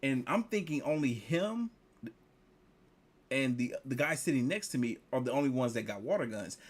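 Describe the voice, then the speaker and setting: A man telling a casual story, lively, jumping higher when he quotes people. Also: normal speed. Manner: animated, jumps up in pitch when quoting others.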